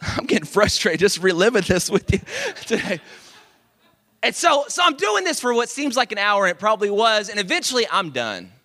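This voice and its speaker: A man from Dallas, preaching a storytelling sermon, animated and self-mocking, with confiding asides to the congregation. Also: sits high, normal speed. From Dallas, Texas. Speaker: pastor. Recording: long reverb of a big hall.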